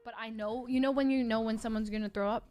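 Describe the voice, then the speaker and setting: A woman telling a funny story in casual chat, lively and laughing, acting out what people said. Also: a little high, fast, clear, resonant tone, soft background music. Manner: lively, acts out quotes, laughing.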